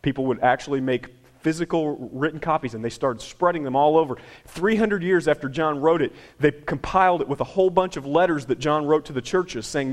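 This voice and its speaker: A man's voice: a little high, fairly quick. A man preaching a sermon in a conversational, emphatic way, repeating phrases for effect. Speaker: pastor.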